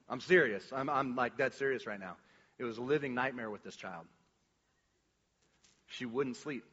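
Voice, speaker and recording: A man shares a personal testimony before a congregation, with a bright, forceful voice. He rambles and restarts often, then acts out quoted lines with energy. The recording is dull and muffled, with long reverb from a church hall. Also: medium pitch. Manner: rambling storytelling with many restarts and filler words. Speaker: church speaker sharing a testimony.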